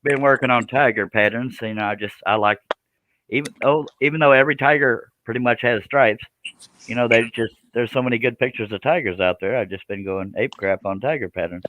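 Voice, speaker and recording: A man's voice: mid-range voice, fairly quick, no room sound, narrow, tinny audio. A man hosts a casual scroll saw livestream, folksy and self-deprecating, laughing often. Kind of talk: casual chat.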